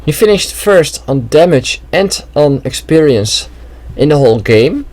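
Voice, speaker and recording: A man's voice: a little high, animated, a little slow, darkish tone, rough recording. Casual man commenting on a game replay. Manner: casual, chatty, thinking aloud with many "well"s. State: slight throat trouble. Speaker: gameplay commentator.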